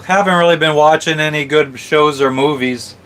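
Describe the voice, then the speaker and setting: A man's voice: on the high side, moderate pace, a bit bright, slight background noise. A man vlogging casually from a boat, joking around and swearing freely. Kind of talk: casual chat.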